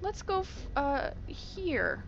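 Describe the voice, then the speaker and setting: A young woman chatting through a video game playthrough, excitable and easily grossed out, recorded at home. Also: very high voice, slow, muffled recording. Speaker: gameplay commentator. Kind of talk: let's play commentary. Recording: audible background noise.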